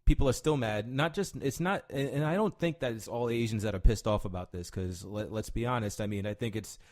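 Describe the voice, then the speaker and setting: Dude ranting on a chill podcast, keeps going "right?", swears a bunch. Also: male voice, on the low side, a little fast. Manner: animated, swearing, frequent "right?" tag questions. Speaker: podcast co-host. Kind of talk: casual chat.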